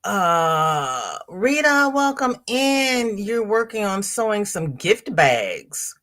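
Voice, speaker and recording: Speaking slowly in a sing-song, medium-pitched voice, a bit bright and with hardly any pauses, a woman reads out viewer comments on her home livestream. She answers them in a chatty, casual way.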